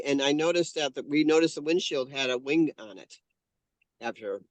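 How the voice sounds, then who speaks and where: The guest, a painter and channeler in his fifties, earnestly recounts a heartfelt personal story in an interview, often correcting himself mid-sentence. His voice sits on the high side at a normal speed, with no echo.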